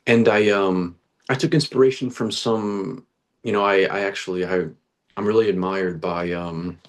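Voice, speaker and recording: A man's voice: sits low, fairly even intonation, normal speed. A young man, a guest actor, telling his story in a casual interview, earnest and chatty, with lots of restarts and slang like "dude". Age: young adult.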